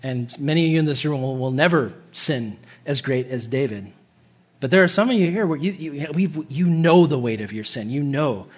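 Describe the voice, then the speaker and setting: A young man preaching a sermon in a church, casual and animated, laughing often and acting out quotes in a higher voice. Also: moderate pace. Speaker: pastor. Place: church hall.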